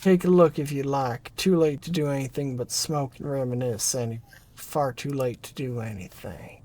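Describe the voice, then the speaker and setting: A performer reading a narrative game aloud, voicing a gloomy aging scientist in a hushed, low, drawn-out way. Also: close to an everyday voice. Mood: weary. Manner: mournful, brooding, dwells on loss. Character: gloomy aging scientist who calls himself a king. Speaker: game character voice.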